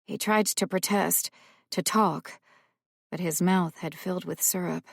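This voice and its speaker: A woman narrating a suspense audiobook in a slow, measured way, drawing out the tension. Her voice sits somewhat low. The recording is close and dry, with no room sound. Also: fairly even intonation, vocal fry, breathy edge, no room sound. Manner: measured, tense storytelling. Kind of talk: scripted narration.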